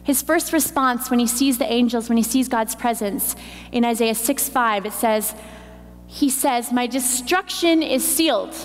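A woman's voice: on the high side, steady tone, unhurried, faint music behind. Woman preaching in a reverberant church. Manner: emphatic teaching, building on repetition. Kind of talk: sermon. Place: church hall. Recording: long hall reverb, faint noise.

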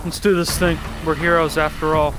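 A man's voice: a little high, level tone, brisk, noisy background. A man giving jokey, profane gameplay commentary that breaks into yelps and screams when startled. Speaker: gaming YouTuber.

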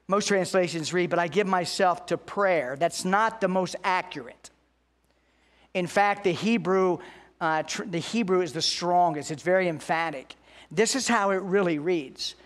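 A pastor preaching a sermon, earnest, slowing down and lifting his voice to stress key points. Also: high-pitched, a bit bright. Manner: earnest preaching, slows and rises for emphasis.

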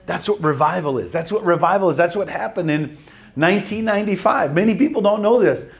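A male preacher whose voice sits high and sounds creaky reads scripture and tells an animated testimony, breaking in with quick laughs and emphatic asides.

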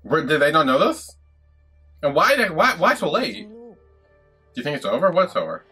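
A man giving casual, animated reaction commentary while he watches a show. He swears freely and breaks into laughing asides. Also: fairly high pitch, moderate pace, breathy edge, faint music behind. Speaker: reaction video host.

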